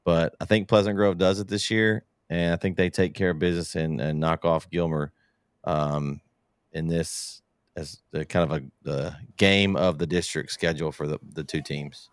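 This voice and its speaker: A man hosting a sports talk show, moving through the games with halting, word-searching speech. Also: low voice, steady tone, clean tone, dry recording. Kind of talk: casual sports chat.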